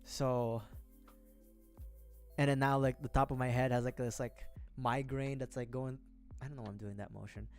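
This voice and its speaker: A man's voice: medium pitch, fairly even intonation, normal speed, pauses often, a little mellow, soft background music. A young man from the Philippines rambling in a chatty, self-deprecating way while building a model kit on a livestream. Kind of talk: casual chat.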